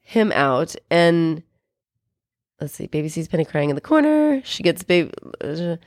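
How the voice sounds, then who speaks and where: Woman, podcast co-host, casual movie recap, animated, fairly low voice, dry close sound. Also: a little slow, no room sound. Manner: chatty and animated, swears, acts out quotes.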